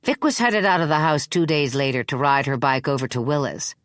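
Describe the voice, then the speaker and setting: Woman reading in a low, dry voice. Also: no echo. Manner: measured, expressive reading. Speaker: audiobook narrator. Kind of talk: scripted narration.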